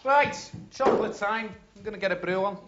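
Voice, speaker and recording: An actor playing a cheeky, blunt builder who talks in a mocking way. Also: male voice, sits high, fairly quick, close to an everyday voice. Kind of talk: TV drama acting. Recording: echoey, noisy dull TV soundtrack.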